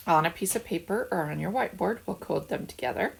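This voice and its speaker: In a slow, patient phonics lesson for second graders, a teacher asks the children to repeat words after her. Her voice is low, creaky and breathy at the edges, and she is teaching from home, away from school.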